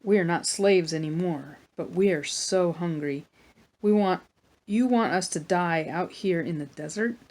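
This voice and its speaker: A woman's voice: lowish voice, a little slow, a little mellow, lightly acted. A woman voicing a hungry, thirsty crowd of wanderers who whine and complain in a children's Bible story. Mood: whiny. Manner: whiny, complaining.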